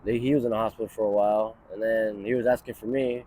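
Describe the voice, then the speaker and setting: A man's voice: on the low side, fairly even intonation, fast, dark tone, a little hiss or hum. A man in his thirties telling a long story in a casual street interview, rambling, swearing often and leaning on "you know" and "like". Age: 30s. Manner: rambling, profane, many fillers like "you know". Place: outdoors on a city street near a bus stop.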